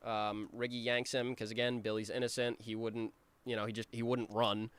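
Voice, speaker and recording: A man giving casual creator commentary on his own cartoon, rambling with many ums and restarts, and now and then acting out his characters' lines in quick voices. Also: mid-range voice, level tone, a bit bright, smooth.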